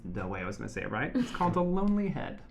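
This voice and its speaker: This is a podcast co-host in casual chat, walking friends through a topic. The voice sits at a middle pitch, chatty and easily amused, with plenty of fillers. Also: sing-song, very fast, gravelly, a little hiss or hum. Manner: chatty and giggly, with frequent fillers.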